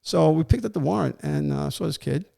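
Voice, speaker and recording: This older man speaks briskly in a fairly high, gravelly voice. A retired police warrant officer, he's spinning a story for a casual interview and animatedly performing the quoted voices of its characters.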